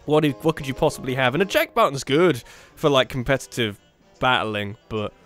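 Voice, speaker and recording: A man's voice: mid-range voice, animated, a little fast, a bit bright, soft background music. A man giving casual let's play commentary while playing, thinking aloud and often restarting his sentences.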